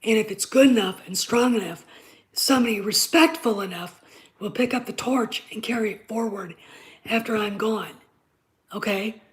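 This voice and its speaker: A woman's voice: mid-range voice, normal speed, poor audio. Insistent woman lecturing her stream chat. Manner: insistent and lecturing, often checks with "okay?"; emphatic, repeats points. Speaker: live stream host. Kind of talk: unscripted live stream rant to chat.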